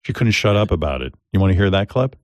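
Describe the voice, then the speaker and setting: A man's voice: low-pitched, big pitch swings, quick pace, darkish tone, no room sound. A man hosting a radio show in comic banter, joking and mocking. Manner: joking, mocking, lots of laughter.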